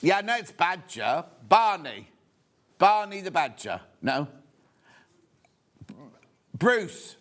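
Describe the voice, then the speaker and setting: A man's voice: sits high, sing-song, fairly bright tone. Chatty, rambling male shopping-channel host. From West Midlands of England. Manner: chatty, rambling, hurried asides. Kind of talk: live shopping presentation. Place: TV studio.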